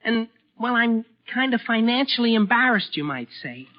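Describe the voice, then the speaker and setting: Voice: mid-range voice, sing-song, normal speed, muffled recording, natural voice. An actor playing an eager, clumsy teenage boy who stammers and gets flustered, in 1940s radio acting on an old broadcast recording. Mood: sheepish.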